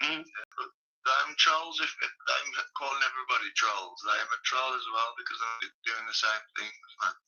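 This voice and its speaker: Brief: blunt, swearing man in casual talk, husky and bright, muffled recording. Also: mid-range voice, fairly even intonation, moderate pace. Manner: profane, blunt. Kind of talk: casual chat. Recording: muffled lo-fi audio.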